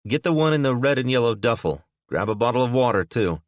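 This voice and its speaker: A man's voice: mid-range voice, lively intonation, fast talker, dry recording, clean studio sound, pitched above the performer's own voice, close to an everyday voice. A man voicing a protective single father giving urgent, commanding instructions in a crisis.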